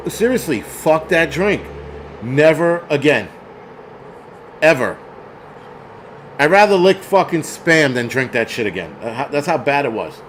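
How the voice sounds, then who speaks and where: A man's voice: on the high side, slight background noise. A man hosting a casual livestream, reading chat comments aloud and ranting bluntly with plenty of profanity.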